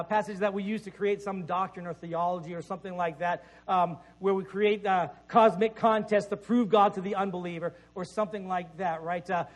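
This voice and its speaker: A man with a noticeably high voice preaches a sermon, moving between scripture reading and relaxed, chatty explanation. He keeps checking in with his listeners with a quick "right?". A faint electrical hum sits under the recording. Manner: conversational preaching with frequent "right?" asides. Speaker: pastor.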